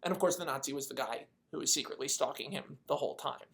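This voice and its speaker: A casual storyteller rambling through a made-up movie plot, full of swearing and little acted-out snippets of dialogue. The voice sits at an ordinary middle pitch. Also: fast, gravelly. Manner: rambling, profane, acts out the characters' lines. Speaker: video creator pitching a movie idea.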